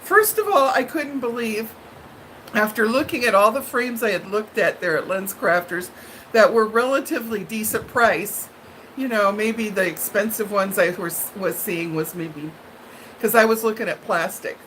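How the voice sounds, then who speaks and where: A woman hosting a live stream, telling viewers a story in a dramatic, animated way and laughing often. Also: mid-range voice, moderate pace, slight background noise, poor audio.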